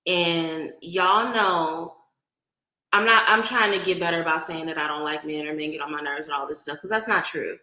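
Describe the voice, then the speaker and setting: A woman's voice: low voice, moderate pace, sharp tone, reverberant, rough recording. A woman from Oakland with a light Bay Area accent, chatting casually with viewers on a livestream and greeting them by name. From Oakland, California. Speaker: livestream host.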